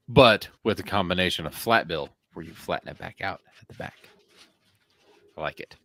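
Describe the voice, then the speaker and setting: A man's voice: low voice, animated, normal speed, creaky, fairly bright tone, no room sound. A man co-hosting a podcast, ribbing his friends with jokey asides. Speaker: podcast co-host. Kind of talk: casual banter.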